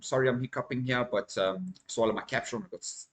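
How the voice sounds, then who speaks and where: A man's voice: medium pitch, quick pace, hardly any pauses, rough recording. A man hosting a crypto channel, talking through market news and charts in a casual, emphatic vlog style and calling his viewers "guys".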